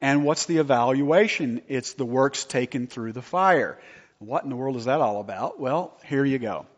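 A man preaching a sermon as pastor, animated and firing rhetorical questions at his listeners. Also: medium pitch, normal speed. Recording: long hall reverb, dull lo-fi sound.

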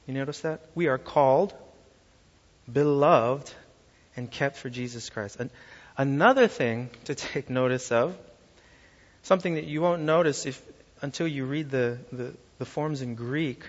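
A pastor with a fairly high male voice preaches emphatically at a measured pace, posing rhetorical questions to his congregation. The lo-fi recording carries a long hall reverb.

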